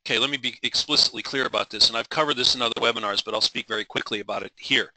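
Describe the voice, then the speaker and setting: A man's voice: medium pitch, racing, background noise. A middle-aged man leading a live trading webinar, passionate and driven, rambling with frequent restarts and apologies.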